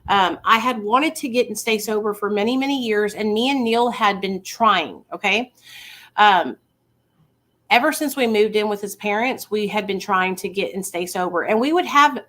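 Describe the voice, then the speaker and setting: A woman's voice: medium pitch, moderate pace, a bit bright. A woman in her thirties, a vlogger casually telling viewers a personal story in a chatty, confiding way.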